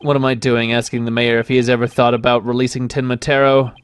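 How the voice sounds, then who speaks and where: A man's voice: mid-range voice, level tone, fast talker, smooth, no room sound, voice pushed down, lightly acted. A man voicing an earnest young male defense lawyer in a video game, with a dry, skeptical edge. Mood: wry. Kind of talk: reading game dialogue aloud.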